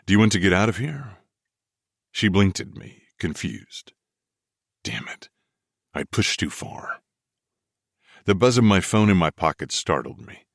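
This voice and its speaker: A man narrating a first-person romance audiobook in a measured, expressive way. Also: low voice, creaky, no room sound, studio quality.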